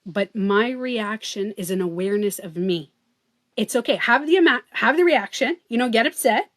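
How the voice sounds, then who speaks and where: A woman's voice: a little high, expressive, normal speed. Chatty woman livestreaming. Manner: chatty and earnest, many fillers like "like" and "you know". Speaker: livestream host and beauty coach. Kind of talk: casual livestream talk.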